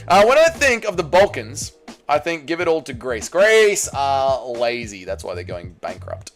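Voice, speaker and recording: A man's voice: medium pitch, big pitch swings, moderate pace, faint music behind. A man hosting a casual livestream, reading chat messages and answering in a blunt, jokey way. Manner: blunt, jokey, bouncy delivery. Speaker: livestream host.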